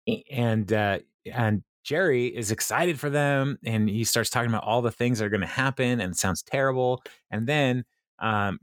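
Low-voiced man rambling through a recap. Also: no echo, studio quality. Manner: rambling, halting retelling with frequent chuckles. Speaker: podcast host recapping a TV episode. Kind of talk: casual chat.

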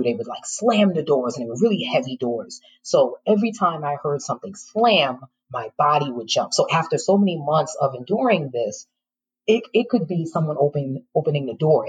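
A woman's voice: very deep voice, husky, dull audio. A middle-aged woman, a former teacher, frankly telling her personal story in an interview, with emotion and occasional laughter.

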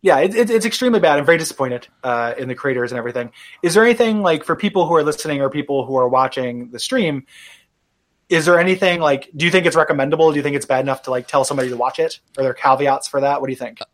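A man's voice: a little high, racing. A man hosting a casual chat on a stream, playful and rambling, with many filler words. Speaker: stream host.

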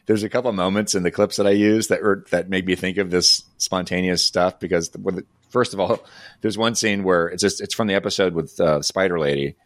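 A man co-hosting a podcast, talking easily about old TV shows, thinking out loud as he goes. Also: low voice, fairly even intonation, brisk, no echo, clean studio sound. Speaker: podcast co-host.

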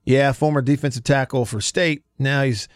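A man's voice: mid-range voice, steady tone, normal speed, dry recording. Southern radio guy in his 40s, talks sports like he's chatting with friends, dry studio mic. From Alabama. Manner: chatty storyteller, laughs often. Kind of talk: casual sports radio talk.

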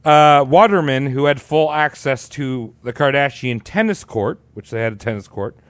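A man's voice: medium pitch, moderate pace, dry recording. A man casually telling a crude story on a podcast, rambling and acting out quotes. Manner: rambling, profane, acts out quotes.

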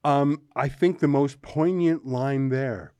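A man's voice: medium pitch, slow, mellow, smooth, no room sound. Wry, rambling man host. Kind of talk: casual political panel talk.

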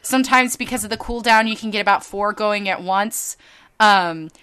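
A young woman casually telling a story on a podcast, animated and quick to act out other people's voices. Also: mid-range voice, smooth. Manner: animated, acts out quoted people, laughs often, swears casually. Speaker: podcast co-host.

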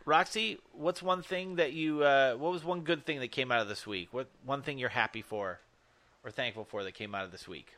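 A man's voice: medium pitch, normal speed, bright, forceful tone. A man hosting a casual family vlog at home, joking and teasing with playful swearing.

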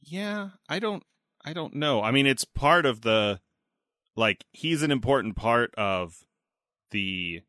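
A man in casual podcast conversation about a film, lively and acting out lines from scenes. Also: mid-range voice, dry recording, studio quality. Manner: animated, acts out movie lines in quick voices.

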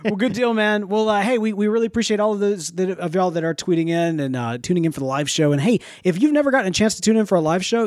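A man's voice: fairly high pitch, no echo, studio quality. A man co-hosting a live podcast, rambling casually with many fillers and restarts. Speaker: podcast co-host.

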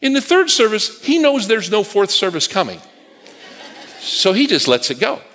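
A man's voice: high voice, sing-song, normal speed, fairly bright tone. A man preaching a sermon to a congregation, telling stories with humorous asides. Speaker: guest preacher. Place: church sanctuary with congregation. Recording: long reverb of a large hall.

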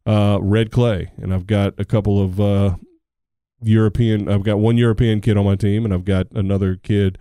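A man coaching a tennis team, talking casually as a podcast co-host, rambling with restarts and getting animated when excited. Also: on the low side, normal speed, no room sound, studio quality. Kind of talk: casual chat.

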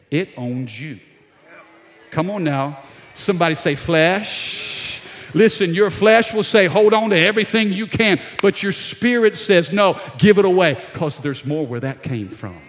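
Animated Louisiana preacher in a reverberant hall. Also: male voice, a little high. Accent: South Louisiana. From South Louisiana. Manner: animated storytelling, acting out voices, calling on the congregation. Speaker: pastor. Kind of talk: sermon. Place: church hall.

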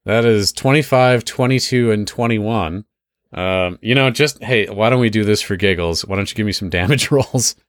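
Low-voiced man running a tabletop game. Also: moderate pace, dry recording, studio quality. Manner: relaxed, rambling, lots of fillers. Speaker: game master.

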